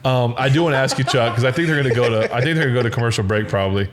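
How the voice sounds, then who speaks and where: A man in his forties hosting a casual chat show, telling animated stories and acting out the voices of coaches and teammates. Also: medium pitch, very fast, a little hiss or hum. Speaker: podcast host.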